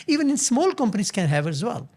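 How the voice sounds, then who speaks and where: A man's voice: very high voice, sing-song, darkish tone. Earnest older man giving business advice. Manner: earnest, halting, with frequent restarts and repeated words. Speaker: business founder and show host. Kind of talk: motivational business talk.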